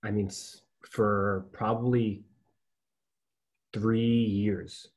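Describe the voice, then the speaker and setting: A man's voice: on the low side, level tone, extremely slow. A man hosting a podcast, chatty and telling stories with frequent laughs. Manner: chatty, storytelling, laughs often. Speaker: podcast host. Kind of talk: casual conversation.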